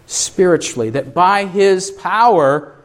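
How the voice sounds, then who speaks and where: Man, preacher; higher-pitched, unhurried, emphatic sermon delivery with rhetorical questions. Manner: asks the congregation rhetorical questions and answers them.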